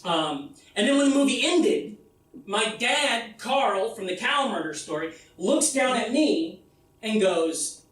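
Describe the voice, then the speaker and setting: American guy doing a one-man comedy show, kinda high voice, echoey venue, sounds far from the mic. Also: lively intonation, slow. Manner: loose, profane storytelling with sudden shouted bits. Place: live theatre stage.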